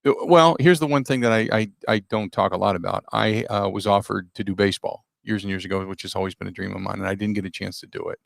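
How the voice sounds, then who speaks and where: A middle-aged man, a radio host, telling a story in a casual, animated, self-deprecating way with a gravelly voice. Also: on the low side, quick pace, few pauses, no echo.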